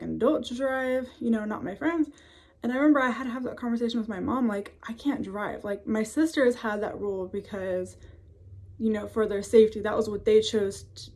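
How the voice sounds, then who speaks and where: A woman's voice: medium pitch, warm tone. A woman of twenty-five, telling a personal story to camera in a casual, chatty way from her home office. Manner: chatty, many fillers, laughs often. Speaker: vlogger.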